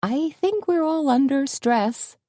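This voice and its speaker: A woman reading an audiobook, voicing a calm, sensible woman friend who speaks in a measured way. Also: high-pitched, dry recording, studio quality, pitched above the performer's own voice. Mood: concerned.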